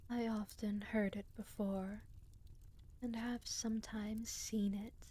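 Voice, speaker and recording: A woman voicing a superstitious old peasant crone in a storybook reading, speaking softly and often half-whispered. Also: mid-range voice, little pitch movement, slow pace. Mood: solemn.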